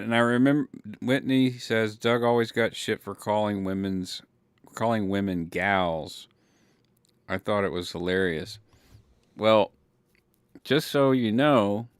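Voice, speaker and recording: A man's voice: lowish voice, unhurried, smooth, no echo, studio quality. A man from California with a Californian accent, hosting a casual chat and answering viewers, rambling with many fillers and swearing freely. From California, Ventura County. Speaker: livestream host reading chat.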